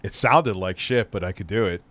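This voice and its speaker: A man's voice: lowish voice, moderate pace, a bit bright. A middle-aged man hosting a live stream, chatting loosely and rambling, with casual swearing. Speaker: streamer host.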